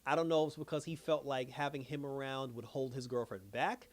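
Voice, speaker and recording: A man's voice: mid-range voice, fairly even intonation, fairly quick. A man hosting a casual TV review channel, recapping an episode in a loose, slangy way, often breaking into laughter. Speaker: TV show reviewer.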